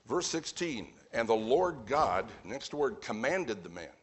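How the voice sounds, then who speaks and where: A man preaching a sermon at a brisk pace, stressing his points and repeating them. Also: medium pitch, big pitch swings, breathy edge.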